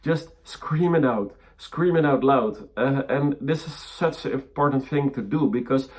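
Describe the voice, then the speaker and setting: A man teaching about mediumship, speaking haltingly with many fillers and restarts, in a gentle, encouraging way. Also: medium pitch. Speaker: spiritual teacher.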